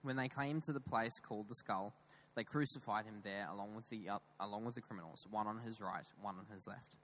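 A man preaching a sermon in a church, emphatic, with raised stresses that drop into quiet, low asides. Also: brisk, poor audio. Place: church with screens.

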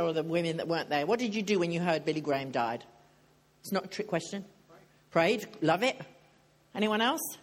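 An older woman preaching a sermon in a chatty, joking way, putting questions to her audience. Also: mid-range voice.

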